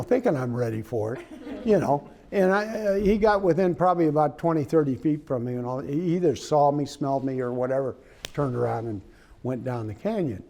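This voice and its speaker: Man, storyteller, mellow, slightly high, halting and rambling, casual. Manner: rambling, halting with many restarts. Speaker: hunter telling a story. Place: indoors, room with his trophy rug on the wall.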